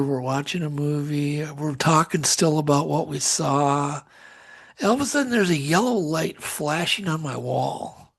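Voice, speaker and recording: Gravelly, husky man telling a story. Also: on the high side. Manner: animated storyteller, acts out quotes. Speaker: guest. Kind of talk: storytelling in a podcast interview.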